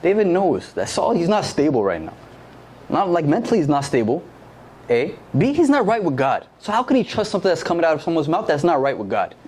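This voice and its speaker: A young preacher addresses a youth group during a church service in a relaxed, slang-filled style, frequently firing questions at them. He talks fairly quickly in a sing-song, fairly high voice with a darkish tone.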